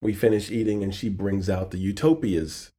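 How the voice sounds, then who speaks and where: Husky-voiced man telling a story. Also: on the low side, moderate pace. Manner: animated storyteller acting out quotes, softening in sad moments. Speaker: guest author and poet. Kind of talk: storytelling in a podcast interview.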